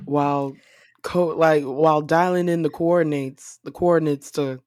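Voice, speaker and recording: A woman's voice: deep voice, fairly even intonation, normal speed, a little mellow, no room sound. A woman co-hosting a podcast, chatting casually about a movie, laughing often and swearing freely.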